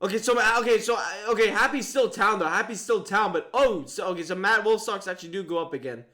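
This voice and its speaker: A young man commentating live on an online mafia game he is playing, excitable and full of disbelief, thinking out loud. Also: high-pitched, fast talker.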